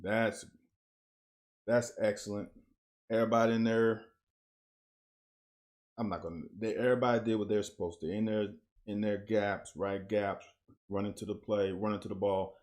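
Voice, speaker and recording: A man's voice: lowish voice, steady tone, normal speed, pauses often, darkish tone. A man breaking down football game film in blunt, coach-like casual commentary, picking up energy on big plays.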